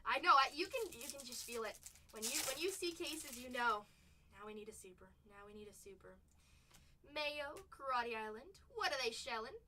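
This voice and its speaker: High bright excitable woman streamer. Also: moderate pace, slight background noise. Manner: excitable, exclaims often. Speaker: livestream card-break host. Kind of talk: live unboxing commentary. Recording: voice a bit far from the mic.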